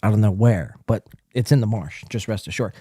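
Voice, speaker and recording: A man's voice: fairly low pitch, brisk, dark tone, slightly rough, no echo, studio quality. A male podcast host giving casual, profane, mocking commentary while reading out online posts. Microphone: desk mic, acting up.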